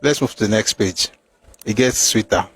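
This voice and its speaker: A man's voice: on the low side, moderate pace, a bit bright, slightly rough, no room sound. A man reading passages from a war memoir aloud and breaking off with mocking, emphatic asides.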